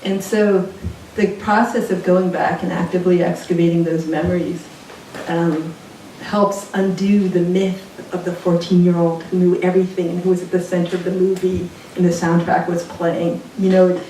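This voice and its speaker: Woman author, low and mellow, reflective storyteller; distant mic, very roomy. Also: steady tone, moderate pace. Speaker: author at a book event. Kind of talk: live onstage conversation. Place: bookstore event space with audience. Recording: very echoey room, mic far off, faint noise.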